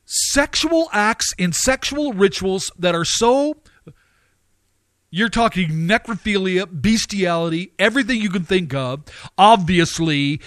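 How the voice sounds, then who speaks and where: High-voiced emphatic male preacher. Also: a bit bright, dry recording. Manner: emphatic, with repeated phrases and rising outbursts. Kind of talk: sermon.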